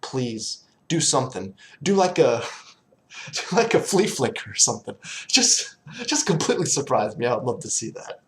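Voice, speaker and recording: A man's voice: medium pitch, very animated, moderate pace. A young man ranting in a casual vlog, exasperated, sarcastic and swearing often. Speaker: sports fan vlogger.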